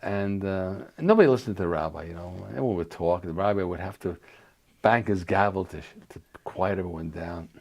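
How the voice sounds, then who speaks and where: A man's voice: low voice, fairly quick, a little mellow. An older man from New York reminiscing in an oral history interview, talking loosely with restarts and fillers.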